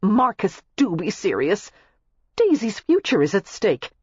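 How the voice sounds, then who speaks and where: A reader voicing a fretful, outspoken young pregnant wife who exclaims impatiently, in a husky voice. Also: female voice, medium pitch, sing-song, measured pace, a little mellow, dry recording, lo-fi sound, voice pushed up. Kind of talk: audiobook character voice.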